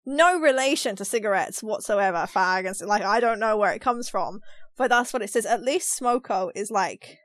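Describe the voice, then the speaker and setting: A fairly bright, mid-range voice belongs to this animated London co-host, who talks at a moderate pace in a Cockney accent. Her podcast banter is casual, punctuated by laughter and example-driven explanations, with no echo present.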